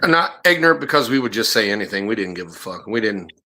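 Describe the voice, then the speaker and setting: A middle-aged man who used to be a bounty hunter hosts a podcast, spinning profane stories in casual chat and acting out the people he quotes. His voice sits on the low side and comes out fast, very animated, pushed and bright. There's slight background noise.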